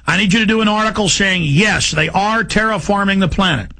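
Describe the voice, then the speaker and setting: A gravelly, bright-toned man hosting talk radio, riding a high voice for a man. He rants in a fast, agitated stream that keeps climbing into shouts. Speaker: radio host. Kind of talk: heated talk radio rant.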